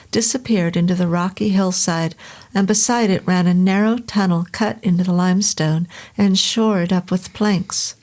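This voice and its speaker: A woman reading a vintage horror novel aloud as narrator, in a steady, unhurried storytelling manner. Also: medium pitch. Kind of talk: scripted audiobook narration.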